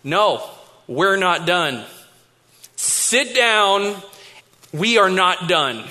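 A man acting out his stern father at the dinner table, firm and slow, in a reverberant hall. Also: very high-pitched, sharp tone.

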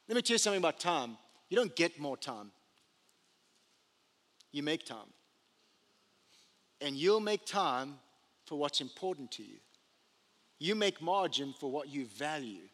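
A man preaching a sermon as pastor, telling the story with animated energy and humorous asides. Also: fairly high pitch, a little slow, long pauses. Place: church sanctuary. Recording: long church hall reverb.

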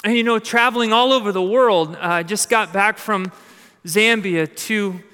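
High-voiced animated male preacher. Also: normal speed, smooth. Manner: animated storytelling with repeated stammered starts. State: jet lagged and emotional. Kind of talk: sermon. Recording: long hall reverb.

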